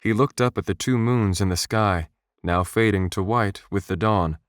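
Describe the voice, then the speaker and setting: A man reading a fantasy audiobook as its narrator, with a steady, measured delivery. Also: lowish voice, no room sound. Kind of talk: scripted narration. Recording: dry, close studio voice.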